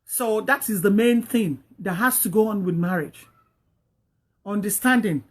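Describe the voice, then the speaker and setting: A woman's voice: mid-range voice, measured pace. A woman hosting a talk, giving earnest, repetitive marriage advice and exhorting her listeners.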